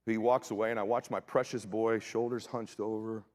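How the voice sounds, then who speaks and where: A middle-aged man giving a motivational keynote as a story, acting out dialogue in punchy short sentences with casual swearing and sudden shouts. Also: lowish voice, moderate pace. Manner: animated, acts out dialogue, bursts into shouts. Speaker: motivational speaker. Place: conference stage before an audience.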